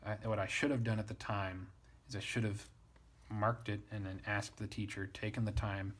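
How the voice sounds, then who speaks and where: Man, low husky voice, relaxed Latin tutor who muses aloud and pokes fun at himself. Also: moderate pace. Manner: wry, self-deprecating, works through ideas aloud. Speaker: Latin teacher. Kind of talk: casual spoken lesson, thinking aloud.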